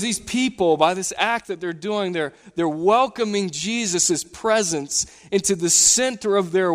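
Preaching in a church sanctuary with big-room sound, a male pastor delivers an animated sermon. His voice climbs higher and louder whenever he retells scenes.

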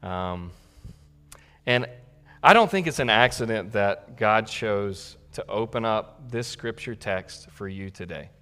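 A man's voice: fairly low pitch, lively intonation, takes it slowly, clean tone, big-room sound. A male pastor preaching a sermon in a conversational way that builds to emphatic peaks. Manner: conversational, warm asides, rising to emphatic peaks.

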